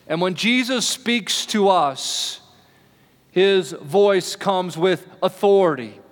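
A man preaching a sermon in a relaxed, conversational way, slowing down to stress key lines. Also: sits high. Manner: conversational preaching, slows for emphasis. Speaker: pastor. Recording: long hall reverb.

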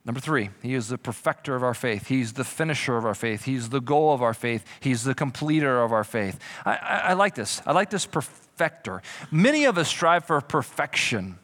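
A man preaching a sermon as pastor, lively, slipping into comic voices for imagined people. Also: medium pitch, moderate pace. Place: church.

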